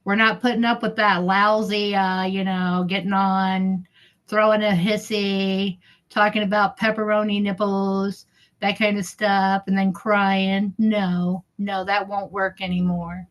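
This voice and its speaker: A woman's voice: mid-range voice, flat delivery, a little slow. A middle-aged woman chatting casually on her livestream, heckling and giggling as she reads viewers' comments. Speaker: livestream host.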